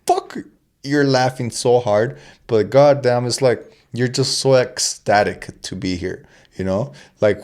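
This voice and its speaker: A man's voice: medium pitch, darkish tone. A young man hosting a casual podcast chat, rambling and joking with plenty of swearing and restarts. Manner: rambling, profane, jokey, with restarts. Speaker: podcast host.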